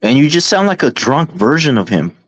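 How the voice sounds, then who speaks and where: A man's voice: mid-range voice, big pitch swings, a little fast, dry recording. A man hosting a heated boxing panel chat, arguing back, repeating himself and restarting sentences. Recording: dull lo-fi call audio.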